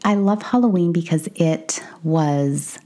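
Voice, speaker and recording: A woman's voice: sits low, slow, dark tone. A woman, a nurse practitioner co-hosting a podcast in an upbeat, chatty way. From San Antonio, Texas. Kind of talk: casual chat.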